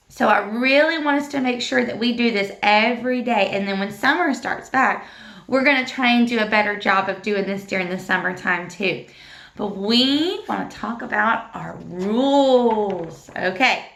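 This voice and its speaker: A woman with a bright, forceful voice, pitched a little high, leads children through a recorded devotional. She speaks encouragingly and stretches words slowly when reciting together. The sound carries an echo from the room around her. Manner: encouraging, slow and sing-song when reciting with the class. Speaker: teacher leading a school devotional. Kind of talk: recorded classroom lesson for children. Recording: echoey room.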